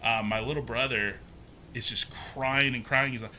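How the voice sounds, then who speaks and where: A man speaks as a podcast guest in a loose, animated storytelling style. His voice is notably bright and sharp, at a middling pitch. He slips into the voices of the people he quotes and leans on casual fillers. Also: normal speed, a little hiss or hum. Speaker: podcast guest, haunted maze builder.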